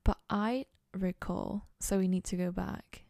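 Rambling young woman with gravelly fry. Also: mid-range voice, fairly even intonation, a little slow, a little mellow, no echo, clean studio sound. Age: young adult. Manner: rambling, self-mocking, goofy. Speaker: podcast host. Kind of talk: casual solo chat. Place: dorm room.

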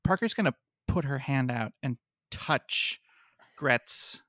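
A man at a tabletop game session, weighing options aloud in a thoughtful, questioning way. His voice is mid-pitched and recorded close and dry, with no room sound. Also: animated, slow pace, bright, forceful tone, dry recording. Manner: thoughtful, analytical, asks questions. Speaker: player.

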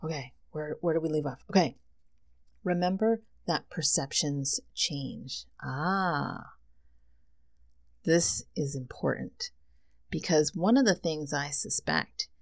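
A woman hosting a solo podcast, reading tarot cards and talking in an excited, effusive way. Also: sits low, slow. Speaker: podcast host.

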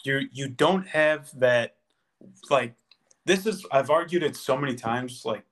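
A man's voice: medium pitch, unhurried, a bit bright. A man co-hosting a podcast, making his case in a casual sports debate with passion and emphasis. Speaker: podcast co-host.

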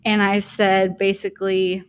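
A woman's voice: medium pitch, monotone, a little slow, a little hiss or hum. A woman hosting a spiritual podcast monologue, talking in an earnest, heartfelt and reflective way. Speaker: podcast host.

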